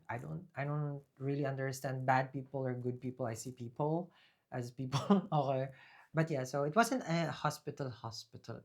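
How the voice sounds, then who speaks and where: A man giving a casual tarot reading. He rambles and restarts, speaks with a preaching tone about faith, and bursts into loud, emphatic talk. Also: medium pitch. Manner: rambling, with frequent fillers and restarts. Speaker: tarot reader. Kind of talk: casual spoken tarot reading with personal testimony.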